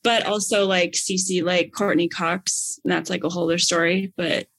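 Brief: woman, casual storyteller, husky, excitable, gushes and acts out quotes. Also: lowish voice, normal speed. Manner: bubbly, gushing, acts out quotes with big excited outbursts.

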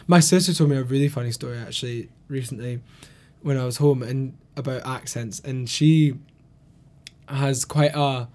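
A man with a softened Glasgow Scottish accent, co-hosting a casual podcast chat and telling lively stories with plenty of swearing. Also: mid-range voice, normal speed. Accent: Glasgow Scottish, mellowed. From Scotland, Glasgow. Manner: animated storyteller, swears freely, laughs often. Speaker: podcast co-host.

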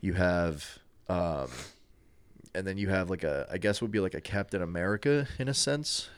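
Podcast co-host, man, deep low voice, dry close sound, loose rambling delivery. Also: normal speed, clean tone, no echo. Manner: rambling, many restarts and fillers. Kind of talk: casual chat.

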